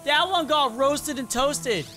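A reaction video host giving excited play-by-play commentary and talking straight to viewers. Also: high-pitched, slow pace, soft background music. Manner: hyped, exclamatory, talks to viewers.

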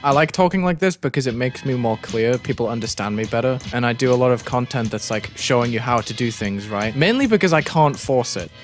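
Young brit dude faking an american accent on stream, hypes up and yells at every death, faint game music. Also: male voice, mid-range voice, fairly quick, few pauses. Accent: American, put on over a British one. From Britain. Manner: excitable, yelps and shouts at in-game deaths. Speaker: gaming streamer. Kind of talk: live stream commentary.

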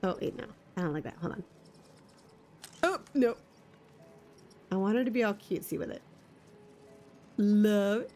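A woman's voice: mid-range voice, lively intonation, moderate pace, pauses often, a little mellow. A woman streaming a video game live, gushing and giggling as she chats with her viewers. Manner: bubbly, gushing and giggly, talking to chat. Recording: faint music behind.

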